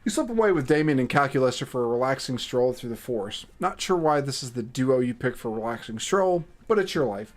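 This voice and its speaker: A man's voice: medium pitch, animated, brisk, hardly any pauses. A man streaming live, reading a game's text aloud in a casual, chatty way with swearing and asides.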